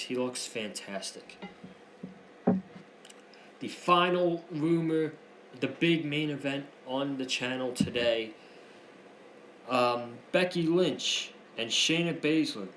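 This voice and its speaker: A man's voice: mid-range voice, a bit bright. A man hosting a wrestling news show, commenting in a heated, opinionated way and repeating himself for emphasis. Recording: echoey room with faint noise.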